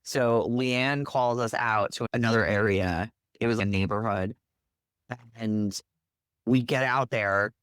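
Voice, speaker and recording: A woman from New Jersey telling a story as an interview guest, lively, acting out the quotes with big jumps in her voice. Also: a bass voice, takes it slowly, clean tone, no room sound, studio quality. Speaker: guest, animal rescue worker.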